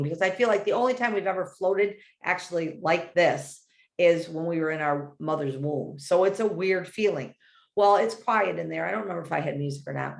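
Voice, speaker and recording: Woman with a low gravelly voice, earnest rambling pep talk, echoey room. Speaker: motivational speaker. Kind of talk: motivational talk.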